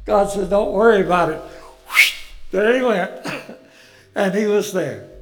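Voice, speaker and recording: A man preaching a folksy Bible sermon, telling the story with rhetorical questions and chuckles, and swelling loud on key phrases. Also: very high voice.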